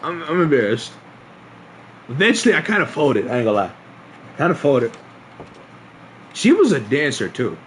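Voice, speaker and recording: A man's voice: a little high, wildly swooping pitch, normal speed, pauses often, fairly bright tone, a little hiss or hum. A young man streaming a casual storytime, laughing often and restarting his sentences in slangy talk.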